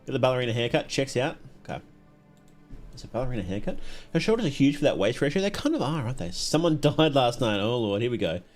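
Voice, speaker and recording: A man's voice: mid-range voice, very animated, fast, faint music behind. A young man streaming a video game live, chatting casually, laughing often and reading characters' lines aloud as he plays. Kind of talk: live gameplay commentary.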